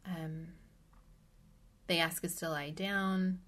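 A middle-aged woman from the US Midwest, a podcast guest, telling a personal story in an animated, vivid way and sometimes dropping to a hushed whisper. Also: fairly low pitch, takes it slowly.

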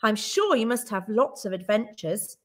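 Gentle, motherly woman for a storybook, read by a woman, soft and animated. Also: fairly high pitch, normal speed.

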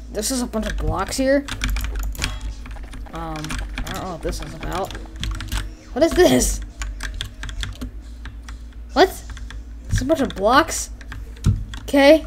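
An excitable woman rambles through her gameplay commentary in a voice that swoops up and down, tossing in "like" and "freaking" and bursting into sudden yelps. She sounds like she is at home at a desk microphone. A faint hiss sits under her voice. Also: mid-range voice.

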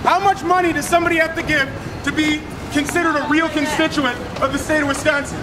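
In an indoor government building hallway, an agitated citizen with an extremely high, steady voice ambushes a legislator, talking fast with barely a pause. Loud and confrontational, he fires repetitive, demanding rhetorical questions into a handheld camera over background noise.

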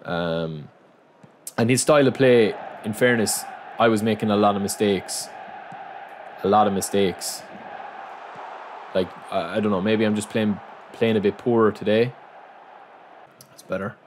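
A man's voice: lowish voice, a little slow, long pauses, slight background noise. Frustrated man narrating his gameplay. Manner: frustrated, muttering self-talk that bursts into loud outcries at the game. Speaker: gaming channel host. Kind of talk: live commentary over his own football video game.

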